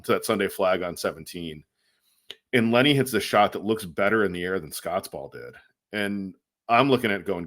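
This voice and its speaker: A very deep-voiced man co-hosting a casual podcast tells a long anecdote in a loose, chatty way. He's an animated storyteller who acts out quoted lines and fills pauses with lots of ums and likes.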